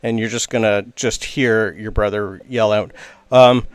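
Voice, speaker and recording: A man's voice: on the low side, steady tone, a little slow, smooth, no echo. A man narrating a tabletop game as game master, with casual, rambling description and plenty of fillers.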